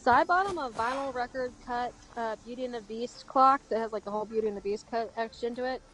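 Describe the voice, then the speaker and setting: A woman's voice: fairly high pitch, fast, a bit bright. A woman streaming and chatting, telling blunt, crude stories about her old job. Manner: blunt, crude, laughing at her own story. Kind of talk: casual storytelling chat.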